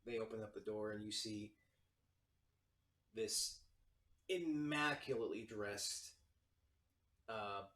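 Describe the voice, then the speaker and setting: A man narrating a tabletop game as game master, halting with many fillers. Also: on the low side, sharp tone. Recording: roomy, distant mic.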